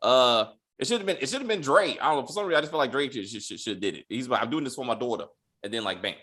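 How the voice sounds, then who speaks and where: Guy hosting a tv recap podcast, bouncy lively pitch, cussing casually. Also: racing. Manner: animated, profane, quotes characters in mock voices. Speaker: podcast host.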